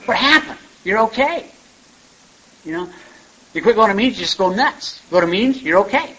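A man's voice: high-pitched, animated, quick pace, fairly bright tone. A man telling his story at a recovery meeting in a rambling, folksy way, often adding "man" and "you know". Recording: dull lo-fi recording with faint hiss.

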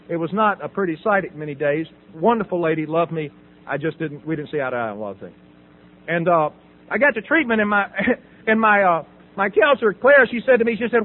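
A man's voice: high voice, a little hiss or hum. A middle-aged man from the American South tells his recovery story, acting out conversations and laughing often. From Southern United States. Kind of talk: personal testimony talk. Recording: tinny phone-like audio.

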